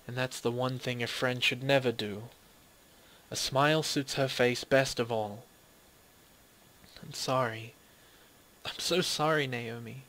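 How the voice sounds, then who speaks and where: A man voicing a soft-spoken, apologetic teenage schoolgirl full of remorse. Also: medium pitch, steady tone, a little slow, long pauses, low-quality recording. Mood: remorseful.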